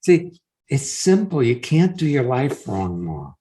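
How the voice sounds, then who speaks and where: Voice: medium pitch, big pitch swings, slow, dark tone. A co-host of a casual coaching talk show, speaking encouragingly over a video call.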